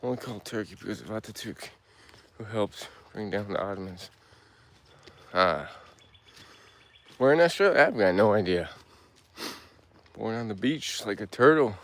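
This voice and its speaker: A man's voice: fairly low pitch, animated, normal speed, long pauses, fairly bright tone, slight background noise. A man hosting a casual livestream while walking a hilly woodland trail, rambling loosely with lots of filler words and slurring some words. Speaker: livestream host.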